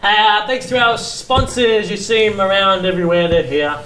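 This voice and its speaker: A man hosting a live show and wrapping it up, brisk and informal with the audience. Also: sits high, steady tone, reverberant, a crowd in the background, low-quality recording. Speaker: show host.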